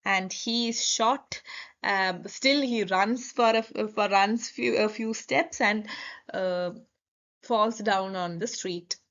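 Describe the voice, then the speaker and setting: A woman's voice: mid-range voice, slow, a bit bright. A young woman with an Indian English accent, retelling a film plot in a lecture with many fillers and restarts. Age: young adult. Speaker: student presenter. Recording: dull lo-fi recording.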